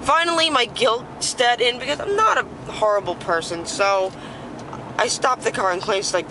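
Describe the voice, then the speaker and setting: A young woman in a car, telling a story casually in an excited, profane, rambling way with many restarts. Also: a little high, moderate pace, noisy background. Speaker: vlogger. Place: inside a car while driving.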